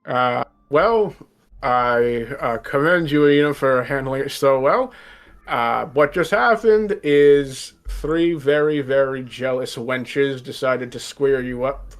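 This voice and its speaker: A man's voice: mid-range voice, slow pace. A man playing a reserved young nobleman who is tired of formal society, speaking politely and a little formally. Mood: dry.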